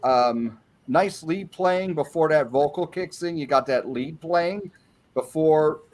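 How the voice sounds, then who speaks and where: A man's voice: on the high side, takes it slowly, a little mellow. A man on a panel, going through an album track by track and giving his opinions in a casual way.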